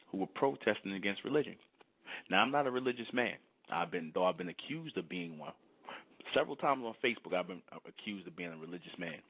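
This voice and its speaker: A man delivering an impassioned preaching monologue, emphatic and repeating himself, chewing while he talks. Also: low-pitched. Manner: emphatic, repeats and restates points. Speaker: vlogger. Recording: tinny phone-like audio.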